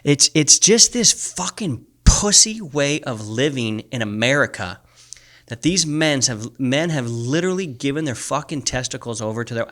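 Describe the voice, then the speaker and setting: A man's voice: medium pitch, normal speed, sharp tone. A man co-hosting a podcast, ranting heatedly and swearing often, rambling with many restarts. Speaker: podcast co-host, coach. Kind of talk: heated casual podcast chat. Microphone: studio microphone.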